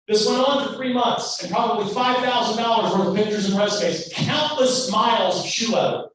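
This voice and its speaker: A man from Louisiana giving a motivational storytelling speech, animated and acting out every character in his story. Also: sits high, moderate pace. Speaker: guest speaker. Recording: echoey hall, mic far off, faint noise.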